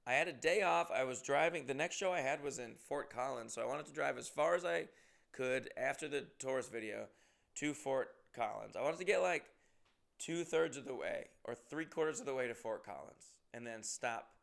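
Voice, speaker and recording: A young man, a comedian, telling a profane, animated tour story in a casual monologue, with loud bursts of emphasis. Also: mid-range voice, vocal fry.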